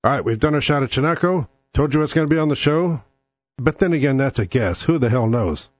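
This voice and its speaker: A man's voice: medium pitch, animated, fairly quick, no room sound. A man hosting his own talk show, talking bluntly and combatively with plenty of swearing. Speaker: podcast host. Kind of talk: casual political talk.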